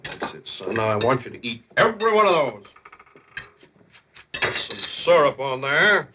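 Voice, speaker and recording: A man playing a loud, bossy middle-aged father in a 1950s film comedy, on a lo-fi old soundtrack. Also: mid-range voice, very animated, moderate pace, noisy background, close to an everyday voice. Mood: blustering.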